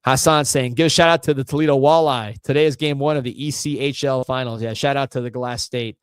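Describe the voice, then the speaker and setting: Man, fan sports livestream host, casual animated talk, mid pitch, dry sound. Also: a little fast, clear, resonant tone, dry recording. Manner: animated, reads viewer comments aloud.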